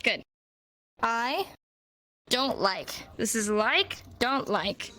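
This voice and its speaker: A woman teaching a sign language class in a relaxed, teasing way, slowing down to model each phrase. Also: high-pitched, poor audio. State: hot and sweaty. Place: warm room, virtual reality class.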